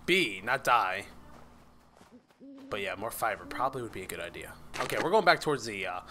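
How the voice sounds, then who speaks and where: A man's voice: on the low side, expressive, a little fast, sharp tone, slight background noise. A young man casually narrating a video game, rambling, swearing and yelping when startled. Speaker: gaming YouTuber. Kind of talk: casual let's-play commentary.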